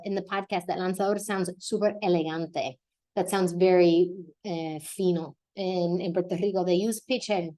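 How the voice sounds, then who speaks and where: A young woman hosting a casual podcast lesson, chatty and lively, often laughing and correcting herself as she explains vocabulary. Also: lowish voice. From United States. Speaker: Spanish teacher and podcast host.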